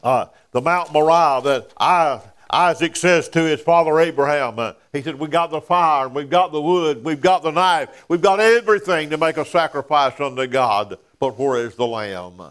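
Preaching man with hushed emphases. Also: a little high, normal speed, hardly any pauses, clear, resonant tone. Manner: preaching with frequent "uh" fillers, dropping to hushed emphasis. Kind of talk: sermon.

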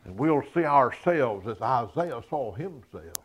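A man preaching a sermon. He chuckles between points and swells from quiet asides to loud, raised emphasis. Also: mid-range voice, very animated, measured pace, husky.

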